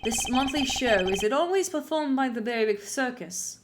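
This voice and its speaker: A woman voicing a composed, formal male prosecutor in measured tones. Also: fairly high pitch, animated, background noise, pitched above the performer's own voice, lightly acted. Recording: loud game music behind.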